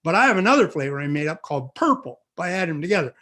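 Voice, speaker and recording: A middle-aged man tells a comic tale with a high, bouncing voice. His pitch leaps around as he acts out each scene, lively and playful. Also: racing. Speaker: storyteller. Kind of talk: live comic storytelling.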